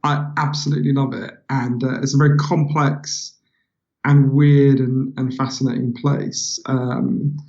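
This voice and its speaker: A British author as an interview guest, telling stories in a lively, animated way and laughing between lines. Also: male voice, mid-range voice, a little slow, muffled recording. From Britain. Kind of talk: casual interview chat.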